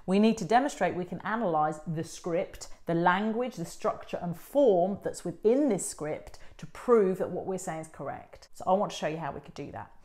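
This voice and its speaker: Female teacher, lower register, giving an emphatic step-by-step exam revision lesson. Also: a little mellow. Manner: emphatic, explanatory, repeats key points. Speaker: English teacher.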